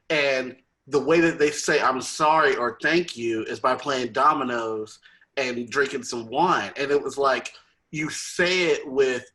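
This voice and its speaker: A man's voice: medium pitch, poor audio. A man co-hosting a podcast, chatting animatedly about a film and acting out the characters' lines. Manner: animated, acts out quoted lines. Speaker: podcast co-host. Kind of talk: casual movie review chat.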